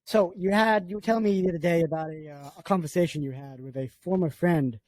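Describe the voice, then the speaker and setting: A man's voice: a little high, quick pace, a little mellow, dry recording. A man co-hosting a casual podcast, rambling through a story with lots of filler words. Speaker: podcast co-host and producer.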